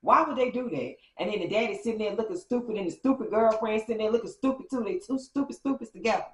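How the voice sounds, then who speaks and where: A woman vlogger telling a story in a casual, animated way, acting out quotes with big jumps in pitch. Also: fast, roomy sound, slight background noise, poor audio.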